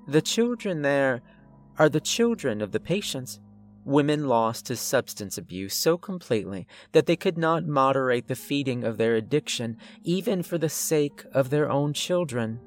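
A man voicing a calm, clinically detached asylum doctor who speaks in a polite, measured way. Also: medium pitch, faint music behind, pitched above the performer's own voice, natural voice.

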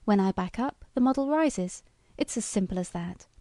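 A woman's voice: expressive, normal speed, warm tone, no room sound, natural voice. Woman voicing an eager young salesman. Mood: confiding. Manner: salesman's pitch, confiding. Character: eager young male toy demonstrator.

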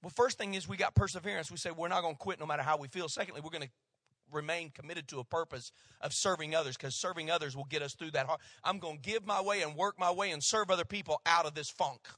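A male pastor preaching a sermon, swinging between loud emphatic lines and hushed asides. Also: a little high, fast talker, no echo, studio quality.

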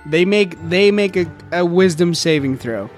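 A man's voice: high voice, lively intonation, moderate pace, faint music behind. Playful man playing a tabletop game. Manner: playful, laughs a lot. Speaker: player.

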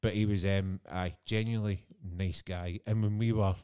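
Deep-voiced Scottish man telling stories. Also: steady tone, moderate pace, dark tone, smooth. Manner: chatty storyteller, laughs often. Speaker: podcast co-host. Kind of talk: casual chat.

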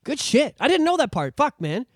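A podcast co-host in casual chat, ranting with lots of swearing and animated outbursts, recorded on a podcast microphone. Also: sits high, fairly quick, no room sound, clean studio sound.

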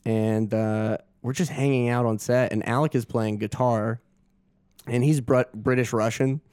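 A man's voice: mid-range voice, a little slow, smooth, no echo, studio quality. A young adult man, a guest actor, telling a story casually and acting out the quotes with laughs. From Augusta. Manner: animated, laughing, acts out quotes.

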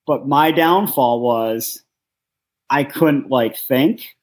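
A podcast co-host from Ohio telling a story in casual chat, animated and swearing freely. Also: medium pitch, very slow. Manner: animated, swears, acts out quotes.

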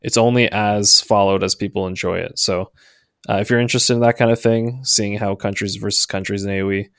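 A man's voice: on the low side, fairly even intonation, a little fast, creaky, a bit bright, clear, resonant tone, no echo, studio quality. A man hosting a casual chat show, laughing often and hesitating with fillers. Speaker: podcast host.

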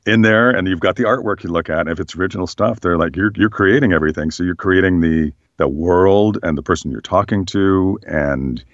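Very deep-voiced man, slightly hoarse. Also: brisk, hardly any pauses, no room sound, dull audio. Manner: relaxed, thoughtful, many fillers. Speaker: voice actor guest. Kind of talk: casual interview chat.

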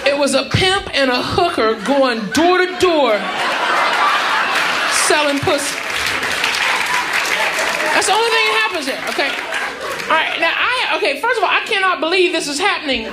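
A man's voice: extremely high pitch, expressive, moderate pace, long pauses, very noisy. Brash male stand-up comic from Texas, profane and crowd-baiting, echoey club with an audience roaring. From Houston, Texas. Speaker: stand-up comedian. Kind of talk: stand-up comedy set. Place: comedy club stage.

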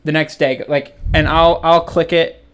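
A man's voice: a little high, flat delivery, unhurried, a bit bright, clear, resonant tone. A young man in casual podcast chat, rambling with many restarts and fillers.

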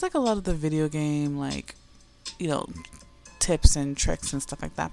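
A young woman hosting a casual chat about anime, talking in a chatty, animated way, swearing freely and dropping in Spanish phrases. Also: deep voice, normal speed, gravelly, soft background music. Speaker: podcast host.

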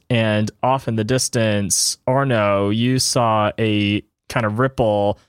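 A man's voice: on the low side, smooth, no room sound, studio quality. A man narrating a tabletop game as game master. He describes scenes in a loose, hedging way, saying "I think" and "kind of" a lot.

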